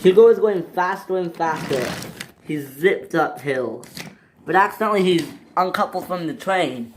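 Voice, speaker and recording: A woman's voice: lowish voice, animated, normal speed, a little hiss or hum. A woman narrating a toy train story in a plain storytelling way.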